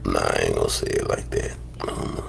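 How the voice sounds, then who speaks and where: A man's voice: a bass voice, completely flat delivery, fast, gravelly. A man hosting a livestream in casual chat, hesitant and slangy, often repeating himself. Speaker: livestream host.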